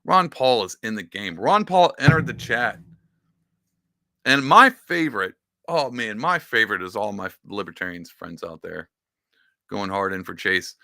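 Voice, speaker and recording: A man hosting a podcast, giving casual political commentary in an excitable, sarcastic rant whose pitch swings up and down. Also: unhurried, vocal fry, dry recording. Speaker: podcast host.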